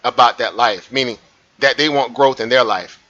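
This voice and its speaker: Bright-voiced man hosting a trading stream. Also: medium pitch, normal speed. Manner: animated, repeats himself, asks viewers rhetorical questions. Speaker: trading livestream host. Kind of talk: live market commentary over a chart. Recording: muffled lo-fi stream audio.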